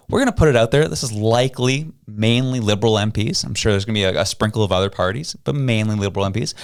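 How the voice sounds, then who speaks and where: A man's voice: medium pitch, dry recording, studio quality. A male podcast host, giving heated, emphatic political opinions.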